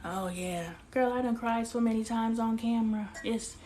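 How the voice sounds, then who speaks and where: A woman's voice: fairly high pitch, fairly even intonation, brisk, few pauses, noisy background. A woman in her thirties hosting a candid live stream on her phone outdoors, talking straight to viewers and answering their comments aloud. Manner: emotional, confiding, talks straight to viewers.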